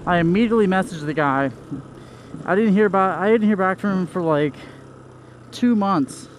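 A man's voice: high voice, normal speed, a little hiss or hum. A man vlogging about his dirt bike in a laid-back, rambling way, swearing freely. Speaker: motorcycle vlogger. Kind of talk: casual vlog chat about a dirt bike.

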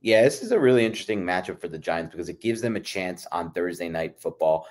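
Deep-voiced opinionated sports podcast man. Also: expressive, fast. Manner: opinionated, emphatic, repeats "in my opinion"; addresses co-host by name often. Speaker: podcast co-host. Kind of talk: sports analysis chat.

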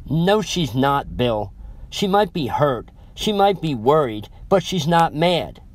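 A man's voice: fairly high pitch, sing-song, slow pace, no echo, pitched above the performer's own voice, full character voice. A man voicing a stern, loving middle-aged mother who speaks firmly and knowingly. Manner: firm, knowing, commanding.

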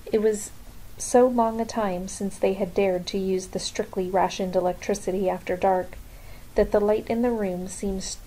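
A woman reading a novel aloud in a calm, measured storytelling voice. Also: medium pitch, low-quality recording. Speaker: reader. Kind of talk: audiobook narration.

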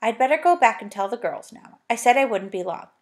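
A woman's voice: fairly high pitch, animated, a little fast, natural voice. A woman reading aloud, voicing an earnest, slightly wary young boy in a storybook.

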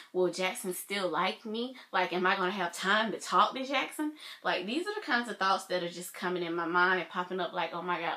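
A young woman vlogging casually, gushing and excitable, with lots of filler words. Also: medium pitch. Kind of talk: casual reaction vlog.

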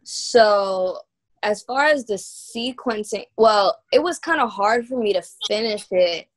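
A woman's voice: mid-range voice, expressive, a little slow. A young woman from New York, a guest musician telling stories in a loose, slangy, laid-back way during a casual interview chat.

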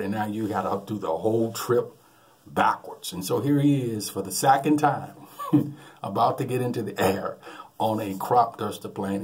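A man preaching in a lively storytelling way, chuckling between his lines. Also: lowish voice. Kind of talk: sermon with a humorous anecdote.

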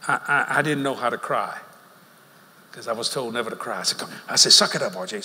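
A man's voice: mid-range voice, brisk, sharp tone. An older man with a Louisiana accent preaching a sermon through folksy, joking stories, recorded in a large meeting hall. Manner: folksy, joking, drawling storyteller. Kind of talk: humorous sermon storytelling. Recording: reverberant hall with faint ambience.

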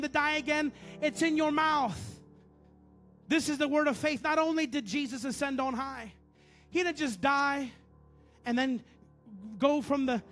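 A man preaching a sermon as pastor, repeating phrases and swinging between loud bursts and low murmurs.

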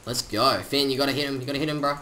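A man giving chatty, excitable commentary over his own gameplay, full of slang. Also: medium pitch, rapid-fire, slight background noise. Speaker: gaming channel host.

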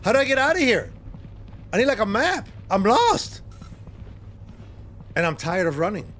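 A man streaming a horror game live, talking to his co-player and yelping and shouting in panic. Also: sits high, normal speed. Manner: excitable, yelps and shouts in panic. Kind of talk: live gameplay commentary.

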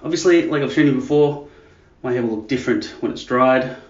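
This man talks in a loose, crude, joking ramble and often drops his voice low. His mid-pitched voice sounds a little dull, with a roomy echo from the hard walls around him. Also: brisk. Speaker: vlogger. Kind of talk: casual rambling vlog. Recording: echoey dull room sound.

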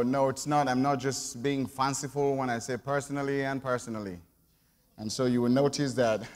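Male preacher in a reverberant church. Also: medium pitch. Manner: conversational, asks congregation to respond. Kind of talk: sermon. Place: church sanctuary.

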